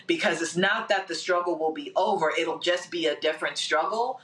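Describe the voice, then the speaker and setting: A woman's voice: on the low side, a little fast, a bit bright, distant mic. A woman on a discussion panel thinks aloud, with many fillers and repeated words as she works out her point. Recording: roomy echo.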